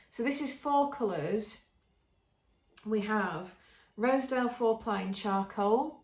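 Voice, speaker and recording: Here a podcast host from England chats casually and keenly about her knitting, stumbling through ums and restarts. Her medium-pitched voice is a little mellow, and the room gives the sound a noticeable echo.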